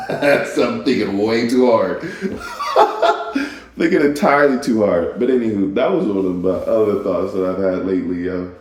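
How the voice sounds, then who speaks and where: Guy rambling on his podcast, low mellow voice, super echoey room. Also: normal speed, hardly any pauses, slight background noise. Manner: rambling, self-interrupting, laughs at himself. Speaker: podcast host. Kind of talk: casual solo podcast musing.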